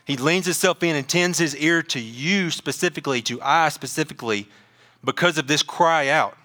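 A man preaching a sermon, animated, joking at times and often repeating words. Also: a little high, normal speed. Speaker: pastor.

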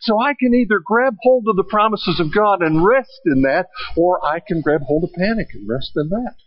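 A man preaching a sermon, swelling with emphasis and slowing down on key phrases. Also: high-pitched, animated, dull audio. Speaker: pastor.

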